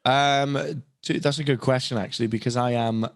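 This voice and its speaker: A young man from Britain, a voice actor and impressionist with a British accent, chats casually on a podcast, rambling, self-deprecating and often starting over. He speaks at a moderate pace with medium pitch, fairly even intonation and vocal fry. It's clean studio sound with no room sound.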